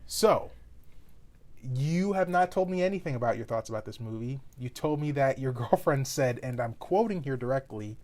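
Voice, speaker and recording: A man's voice: mid-range voice, animated, moderate pace, darkish tone. A man co-hosting a podcast, chatting casually and often restarting his sentences as he searches for words. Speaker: podcast co-host. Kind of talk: casual chat.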